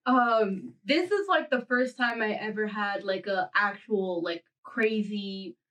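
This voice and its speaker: A woman's voice: medium pitch, slow, fairly bright tone, far from the mic. A woman hosting a podcast, telling a long dream story in casual chat, acting out the quotes and laughing often. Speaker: podcast host.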